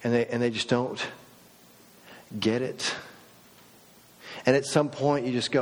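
A middle-aged male pastor preaching a sermon, swinging from loud mock outbursts to soft, low reflection. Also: fairly even intonation, a little slow, pauses often. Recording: long reverb of a large hall.

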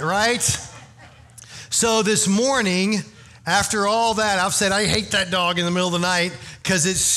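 Middle-aged male pastor, conversational sermon delivery, bright tone. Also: high-pitched. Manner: conversational storytelling, animated and emphatic.

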